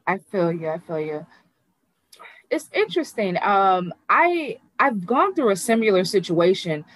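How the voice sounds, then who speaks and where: A woman's voice: medium pitch, very animated, measured pace, low-quality recording. A woman interviewer who speaks casually, affirms her guest, and asks loose, rambling questions. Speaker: podcast host, interviewer.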